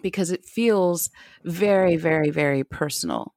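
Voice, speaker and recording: Halting, chatty woman interviewer, dry sound. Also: sits low, darkish tone, no echo. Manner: halting, filler-heavy questions, laughs often. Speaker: interview host. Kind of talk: casual interview conversation.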